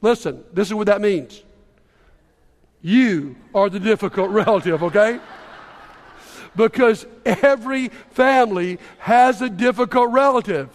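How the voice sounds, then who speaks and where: A man's voice: high-pitched, unhurried. A man preaching a casual, conversational sermon as a pastor, sometimes acting out the voices of the people he quotes. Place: church sanctuary. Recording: reverberant church hall.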